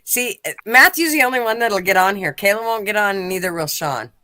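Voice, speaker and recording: A woman's voice: medium pitch, lively intonation, fairly quick, sharp tone, dry recording. A woman in casual chat, teasing bluntly and swearing freely.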